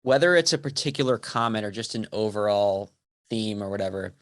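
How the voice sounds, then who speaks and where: A man's voice: on the low side, a little fast, no echo, studio quality. A male host asking the guest long, thoughtful questions in a podcast interview.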